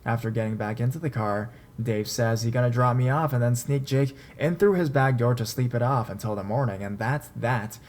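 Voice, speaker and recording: A man reading a first-person horror story aloud in a steady storytelling voice. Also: mid-range voice, a little fast, few pauses. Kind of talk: scripted horror story narration. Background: faint dark background music.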